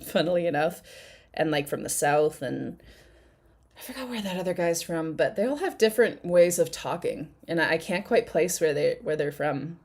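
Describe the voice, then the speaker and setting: A woman's voice: sits low, lively intonation, moderate pace, darkish tone. A woman hosting a casual live chat, rambling and swearing freely as she reacts to clips. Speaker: host.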